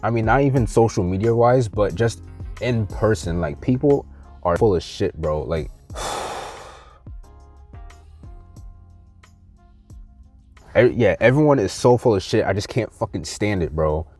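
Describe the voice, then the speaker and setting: A man's voice: on the low side, lively intonation, takes it slowly, pauses often, a little mellow, soft background music. A young man vlogging a heated, profane rant to the camera, mocking other people in quoted voices. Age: young adult.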